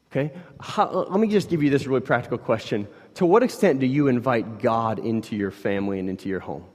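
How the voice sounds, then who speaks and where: A man in his thirties preaching a sermon in a casual, conversational way, swinging between hushed and loud. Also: medium pitch, quick pace, few pauses, big-room sound. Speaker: pastor.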